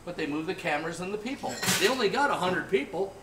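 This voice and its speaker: Talking fast in a voice that sits high, an older guest storyteller spins long, animated, meandering tales over casual conversation. The setting is a noisy bar, captured from a distance with echo and the crowd's chatter in the background.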